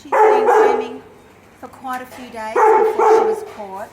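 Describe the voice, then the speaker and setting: A woman's voice: high-pitched, sing-song, unhurried, very noisy. A woman who works at an animal shelter, chatting casually and coaxing dogs in a sing-song baby-talk voice. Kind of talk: casual vlog chat. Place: animal kennels. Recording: echoey kennels with loud barking.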